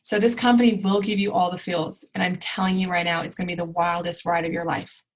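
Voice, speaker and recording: A woman's voice: fairly low pitch, flat delivery, quick pace, poor audio. A woman in her thirties giving an earnest, emphatic motivational talk to her team. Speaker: team leader.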